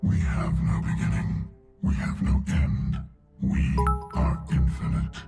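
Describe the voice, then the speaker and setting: An actor playing an ancient, arrogant male machine overlord in a video game, speaking in slow, ominous pronouncements through a heavy echo effect. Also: warm tone, faint music behind. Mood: menacing. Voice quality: deep gravelly reverberating voice.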